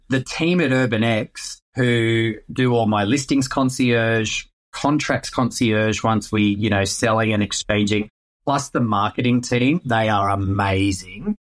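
A man, a real estate agent answering interview questions in a playful, animated way. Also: on the low side, measured pace.

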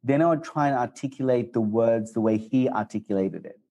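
A man in his forties speaks as an interview guest with a voice of ordinary pitch. He tells his stories in an animated, excitable rush, often quick and lively. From Australia. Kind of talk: casual interview talk.

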